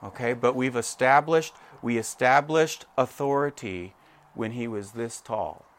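A man in his forties preaching in an animated, conversational way who keeps checking in with his listeners. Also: mid-range voice, measured pace. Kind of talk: sermon.

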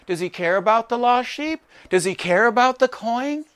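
A man preaching a sermon, animated, acting out the characters in quoted voices as he tells the story. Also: very high voice, normal speed, smooth, dry recording. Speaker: pastor.

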